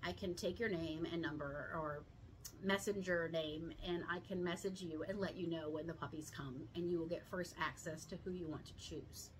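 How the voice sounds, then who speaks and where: A woman's voice: fairly low pitch, fairly even intonation, moderate pace, slight background noise, poor audio. A woman, a pug breeder talking casually and heartfelt to her viewers, with lots of fillers and laughs. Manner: chatty, heartfelt, filler-heavy with frequent laughs. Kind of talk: casual vlog update to viewers.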